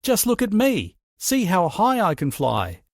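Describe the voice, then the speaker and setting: Guy doing a big boastful eagle for a kids story, loud and showy, dry sound. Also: fairly high pitch, sing-song, unhurried, no room sound. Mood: showing off. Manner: bragging, raised voice. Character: boastful proud male eagle, strong and loud.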